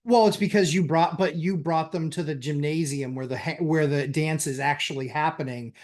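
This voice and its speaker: A man co-hosting a casual podcast, laying out his points step by step. His voice is a bit high for a man. He sounds easygoing and explanatory. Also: steady tone, moderate pace, a little mellow. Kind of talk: casual real estate chat.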